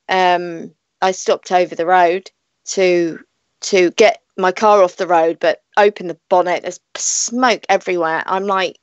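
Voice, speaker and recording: A British woman hosts a live internet radio show from home, chatting away in a loose, rambling manner with plenty of laughter. Her voice sits at an ordinary middle pitch. The sound is dull and lo-fi, yet dry and close, with no room echo. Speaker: radio show host and psychic reader. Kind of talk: live online radio chat.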